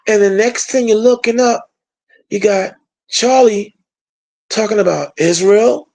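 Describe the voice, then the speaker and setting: Brief: gravelly commentator, emphatic and sarcastic, monologue delivery. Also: mid-range voice, a little mellow. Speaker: political commentator. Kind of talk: opinion monologue.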